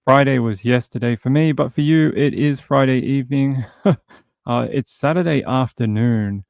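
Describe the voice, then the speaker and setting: A gravelly-voiced Australian man hosts a casual livestream, greeting viewers by name and joking around. His delivery is loose and chatty with a tired edge, recorded close and dry with no room sound. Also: medium pitch, moderate pace, a little mellow, dry recording. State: tired from insomnia. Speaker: livestream host.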